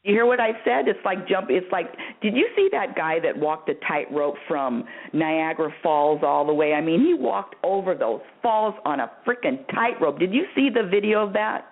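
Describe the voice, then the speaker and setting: A woman's voice: expressive, moderate pace, few pauses. Emphatic woman radio host, phone-line sound. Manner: emphatic and repetitive, calls the caller honey and dear; laughs often, swoops up high for emphasis. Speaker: radio host answering callers. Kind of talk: spiritual advice call-in show. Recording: narrow phone-like radio audio.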